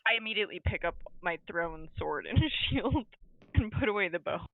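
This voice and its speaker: A woman playing a tabletop game, talking in a loud, boisterous way. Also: mid-range voice, lively intonation, moderate pace, no room sound, phone-quality sound. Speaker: player.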